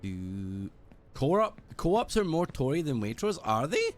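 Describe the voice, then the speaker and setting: A British man streaming a game, chatting casually in a rambling, sweary, animated way. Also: a little high, slow pace, faint music behind. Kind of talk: casual gaming stream chat.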